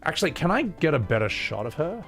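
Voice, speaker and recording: A man streaming a game, chatting and joking with his viewers in an excitable, swearing manner. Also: fairly high pitch, quick pace, faint music behind. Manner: excitable, swearing, jokey banter with chat. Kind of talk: casual gameplay commentary.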